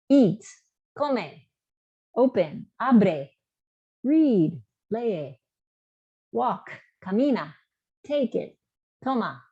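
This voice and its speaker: A woman teaching a Spanish lesson in a mellow, slightly low voice. She goes patiently through the examples and says each one slowly and clearly. The sound is a bit dull and lo-fi. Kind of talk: online language lesson.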